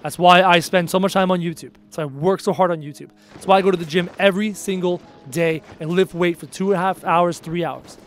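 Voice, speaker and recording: High-voiced blunt young man streaming. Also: steady tone, fairly quick, few pauses, soft background music. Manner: blunt, emphatic, repeats phrases for punch. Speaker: streamer answering chat. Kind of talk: casual live-stream chat.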